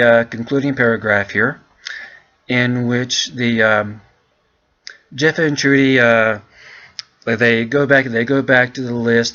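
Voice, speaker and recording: A man teaching English, walking students through an essay in a relaxed, chatty way and calling them "guys". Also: medium pitch, muffled recording. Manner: relaxed, chatty, keeps addressing the class as "guys".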